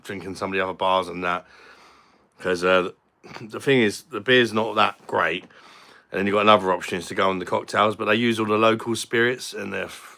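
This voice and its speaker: A British man with a low voice and a bright, forceful edge hosts a relaxed livestream. He greets viewers and chats bluntly, joking and swearing as he goes. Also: creaky. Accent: British English. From Britain. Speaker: livestream host. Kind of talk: casual livestream chat reading comments.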